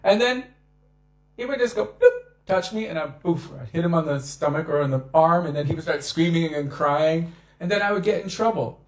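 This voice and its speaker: A man gives a devotional talk in a fairly high voice. He tells stories in an animated way and acts out the lines he quotes. The sound rings in an echoey room. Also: fairly quick. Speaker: devotional speaker.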